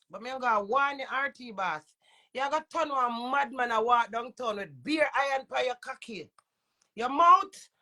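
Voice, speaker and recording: A woman's voice: high voice, pushed and bright. A woman with a Jamaican accent and a runny nose, ranting in heated, profane patois. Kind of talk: angry rant to camera.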